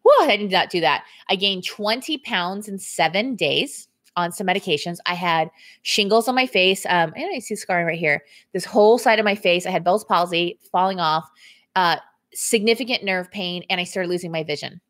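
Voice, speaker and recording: A woman's voice: fairly low pitch, moderate pace, fairly bright tone. A woman fitness coach speaking casually on a live stream from home, talking candidly to viewers, reading their comments aloud and thanking them, laughing often with her voice swinging up and down. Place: indoors at home.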